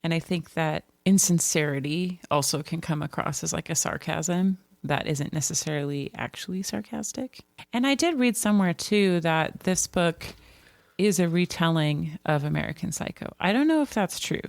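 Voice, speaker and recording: A book podcast co-host muses aloud about a novel in a loose, rambling way, circling back and restarting thoughts. The voice has a gravelly edge and sits at an ordinary pitch. It is recorded close and dry, with no room sound. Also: expressive, normal speed, no echo. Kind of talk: casual book discussion.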